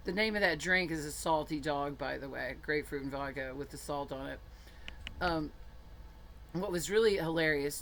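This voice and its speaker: A woman's voice: lowish voice, fairly bright tone. A woman telling a personal story in a frank, chatty way, laughing often and swearing casually.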